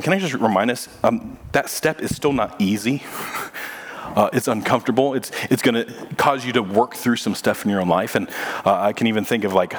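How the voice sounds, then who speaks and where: A young man preaching a sermon, telling a personal story in a conversational, animated way and acting out what people said. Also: medium pitch. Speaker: pastor. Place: church auditorium. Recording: church hall reverb.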